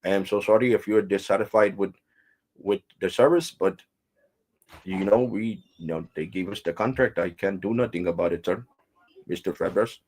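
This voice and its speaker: A man doing a courteous call-center agent with an Indian English accent, speaking in a low register. He sounds formal and apologetic, calling the caller "sir" at every turn. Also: normal speed, a little mellow. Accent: imitated Indian English.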